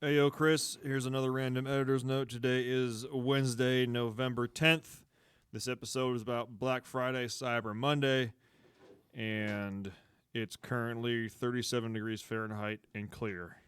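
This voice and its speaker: A man's voice: medium pitch, level tone, moderate pace, fairly bright tone, smooth. A man from Spokane co-hosting a podcast, joking and riffing in casual banter. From Spokane, Washington, United States. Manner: joking, laughing, riffs back and forth. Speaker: podcast co-host.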